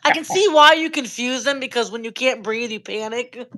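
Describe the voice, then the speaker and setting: A woman talks loosely on a live stream from her phone, her voice sitting a bit high. She is relaxed, swears freely and lets her sentences drift off quietly. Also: normal speed, rough recording. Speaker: livestream co-host. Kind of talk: casual chat. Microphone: phone on a live video call.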